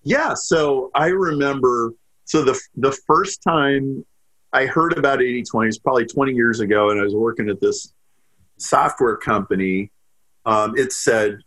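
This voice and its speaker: A man guesting on a podcast, talking in an animated, storytelling way with lots of "like" fillers. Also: medium pitch. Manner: storytelling, quick bursts with frequent "like" fillers. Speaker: podcast guest, business strategist. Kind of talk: animated interview talk.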